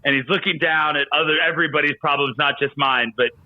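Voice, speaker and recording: A man's voice: a little high, steady tone, quick pace, highs cut off. A man co-hosting a casual podcast chat, playful and acting out his own reactions. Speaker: podcast co-host.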